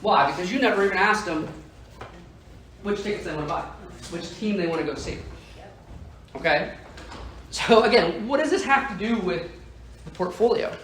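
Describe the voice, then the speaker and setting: An emphatic man with a high, fairly bright voice delivers motivational sales training to insurance agents, constantly asking the audience "right?" He's captured from a distance in an echoey room. There's slight background noise.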